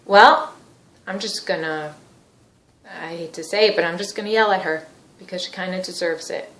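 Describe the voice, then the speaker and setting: A woman's voice: on the low side, normal speed, fairly bright tone. A woman voicing a frustrated husband in a couples-therapy role-play, blunt and exasperated. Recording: echoey room.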